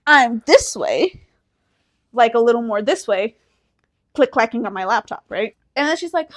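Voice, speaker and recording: A young woman with a high, light voice chats casually on a podcast. She tells family stories with lots of energy, acts out what people said, and breaks into laughter often. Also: normal speed. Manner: animated storytelling, acts out quotes, laughs often. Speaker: podcast co-host. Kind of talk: casual sibling chat.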